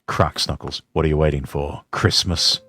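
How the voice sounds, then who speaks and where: A man's voice: deep voice, a little slow, dry recording, clean studio sound, faint music behind. A man hosting a stream, chatting in a sarcastic, crude and mocking way. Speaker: streamer host. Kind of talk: casual stream chat.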